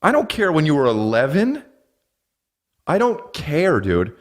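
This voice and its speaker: A man in his thirties hosting a podcast, ranting comedically with lots of swearing and quick put-on voices. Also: fairly high pitch. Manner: profane, animated, acts out silly voices. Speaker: podcast host. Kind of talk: comedic rant.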